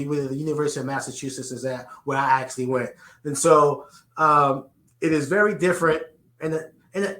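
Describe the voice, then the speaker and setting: A man's voice: on the high side, a bit bright. A middle-aged man from the Bronx with a New York accent, earnestly answering interview questions and often restarting his sentences. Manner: earnest, repeats words when starting sentences. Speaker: podcast guest. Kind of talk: conversational interview. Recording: roomy echo.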